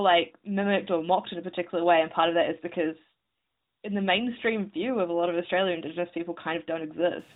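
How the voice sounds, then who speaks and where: A woman from New Zealand in casual conversation, chatty and full of fillers. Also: lowish voice. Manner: chatty, many fillers and likes. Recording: tinny phone-like line.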